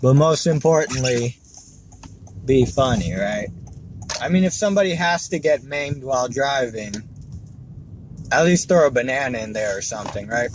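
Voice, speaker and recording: A man's voice: mid-range voice, lively intonation, moderate pace, pauses often. Wry male comic in a noisy car. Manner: wry, conversational storytelling. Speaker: stand-up comedian. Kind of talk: stand-up set. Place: car, while driving. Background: car and road noise.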